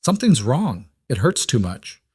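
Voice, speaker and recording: A man's voice: mid-range voice, very animated, normal speed, darkish tone, husky, dry recording, clean studio sound, voice pushed up. A man voicing fierce young frontier wife Clara. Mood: frightened. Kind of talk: audiobook character voice.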